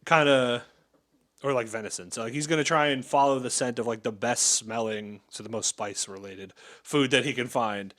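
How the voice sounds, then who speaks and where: A man at a tabletop game explains his character's plans. His voice is mid-pitched, and his speech is loose and filler-heavy. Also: moderate pace, fairly bright tone. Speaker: player. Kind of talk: casual tabletop role-play.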